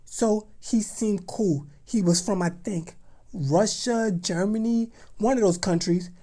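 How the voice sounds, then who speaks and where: A young adult woman telling a storytime vlog in an animated, slangy, dramatic way. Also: medium pitch, takes it slowly. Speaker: vlogger.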